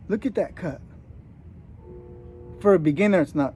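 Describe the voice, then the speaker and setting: A man's voice: fairly high pitch, moderate pace, dark tone, faint music behind. A man in his thirties, joking casually with a put-on Australian accent while giving a hands-on gardening how-to outdoors. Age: 30s. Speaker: gardening vlogger.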